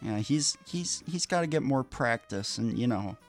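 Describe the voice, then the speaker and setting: A man co-hosting a podcast in casual chat, with a deep, mellow voice and dry, deadpan delivery. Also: normal speed, soft background music. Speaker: podcast co-host.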